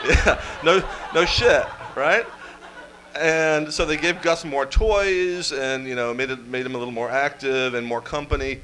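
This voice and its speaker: A man giving a comic history talk to a live audience, full of wry deadpan asides and quick jokes. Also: medium pitch, poor audio. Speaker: storyteller presenter. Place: event room with live audience.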